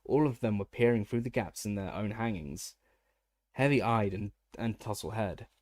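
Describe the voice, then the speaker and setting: A man narrates an audiobook in a fairly low voice, stopping and restarting words as he reads. The recording is dry and close, with no room around it. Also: moderate pace, darkish tone, dry recording. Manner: frequent stumbles and restarts. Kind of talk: audiobook reading.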